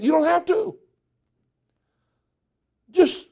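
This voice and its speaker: A man's voice: very high voice, a little slow, pauses often, dark tone. A middle-aged male pastor preaching a folksy sermon, joking and acting out what people say.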